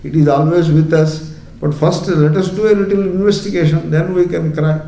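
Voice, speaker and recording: A man's voice: on the high side, steady tone, moderate pace, dark tone. A man teaching a Vedanta class through a story, wry, with rhetorical questions and chuckles. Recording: echoey room, faint background noise.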